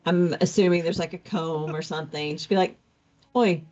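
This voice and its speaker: A woman's voice: low-pitched, fairly even intonation, brisk, darkish tone. A woman narrating her actions in a tabletop role-playing game, casually thinking aloud. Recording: dull lo-fi recording with faint music.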